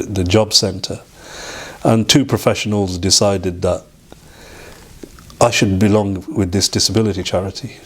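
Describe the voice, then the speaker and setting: Lowish-voiced man telling his story. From Derby, England. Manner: halting, with restarts, reenacting past dialogue. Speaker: interview guest. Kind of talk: personal storytelling in a sit-down interview.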